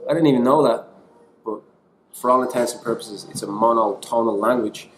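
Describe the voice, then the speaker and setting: A man's voice: medium pitch, a little fast, a little hiss or hum. Chatty Irish man in an echoey room. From Ireland. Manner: chatty and self-deprecating, jumping between languages. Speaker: online English teacher. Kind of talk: casual teaching vlog.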